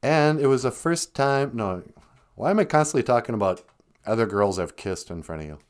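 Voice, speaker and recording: Brief man hosting a live stream, chatty and playful, lively pitch swings. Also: a little fast. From north central Minnesota. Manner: playful, chuckling, greets chatters warmly. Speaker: host. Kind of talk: casual live stream chat.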